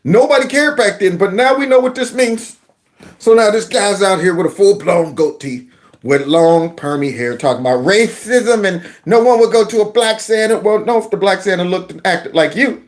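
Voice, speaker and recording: A man with a high-sitting voice, speaking at normal speed, hosts his own commentary channel. He mocks a clip with sarcasm, mimics voices, and breaks into song.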